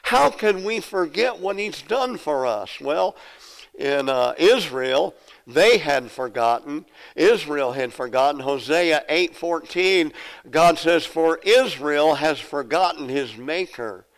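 A man's voice: a little high, lively intonation, slow, vocal fry, poor audio. A middle-aged man preaching a sermon in a folksy way, often repeating words as he tells stories. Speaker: pastor.

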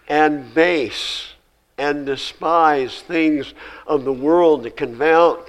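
A man's voice: mid-range voice, low-quality recording. Preaching man, emphatic scripture reading. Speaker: pastor. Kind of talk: sermon.

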